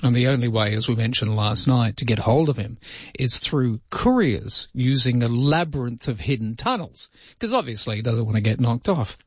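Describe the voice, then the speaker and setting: A male show host talking on his own in a wry, chatty monologue that wanders off into asides. His voice sits at a middle pitch. The recording is dry, with no room sound, and slightly dull and lo-fi. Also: lively intonation, normal speed, slightly rough, dry recording. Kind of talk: solo talk-show monologue.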